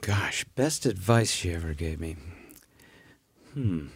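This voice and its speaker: Un hombre de mediana edad, actor e imitador invitado, que conversa de forma relajada y juguetona en un pódcast. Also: male voice, low-pitched, lively intonation, gravelly, slightly rough, no room sound. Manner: playful, bursts of laughter and quick voice switches. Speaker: guest, actor and impressionist. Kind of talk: casual podcast chat.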